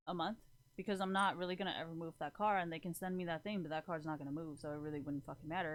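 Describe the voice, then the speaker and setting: A woman's voice: lowish voice, fairly bright tone. A young woman in her twenties venting frankly to her viewers, profane and exasperated, rambling and correcting herself. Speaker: vlogger. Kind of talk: casual venting monologue.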